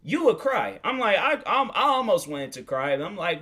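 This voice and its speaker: A man's voice: sits high, very animated, normal speed, few pauses, pushed and bright. A young man hosting a casual solo podcast, rambling with lots of fillers and restarts. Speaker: podcast host.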